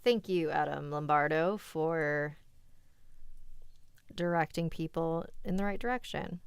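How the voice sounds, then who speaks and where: A woman's voice: low voice, a little slow, creaky, smooth, no room sound. Chatty woman reading scary stories live. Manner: chatty, candid asides to the chat between stories. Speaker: host and story reader.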